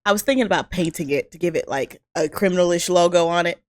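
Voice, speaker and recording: A woman's voice: on the low side, fast, dry recording. A woman from the American South with a Southern accent, co-hosting a casual podcast and telling the story with lots of laughs. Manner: giggly, animated storyteller. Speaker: podcast co-host.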